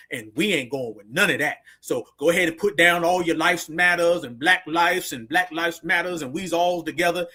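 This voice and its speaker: A man's voice: fairly high pitch, normal speed, hardly any pauses, bright, forceful tone, husky. A man hosting a livestream, giving a fired-up, preachy rallying monologue full of repeated call-and-response phrases. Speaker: livestream host.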